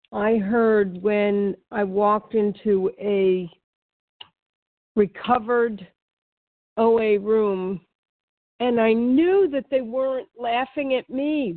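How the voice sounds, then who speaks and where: A woman sharing in a slow, halting way that repeats words, over a video call. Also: on the high side, no echo. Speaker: meeting member sharing. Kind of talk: personal recovery share. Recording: tinny phone-like call audio.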